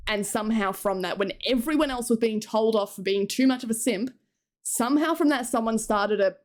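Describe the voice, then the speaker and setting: A young adult woman streaming live, chatting casually with her viewers, giggling often and swearing freely as she rambles. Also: mid-range voice.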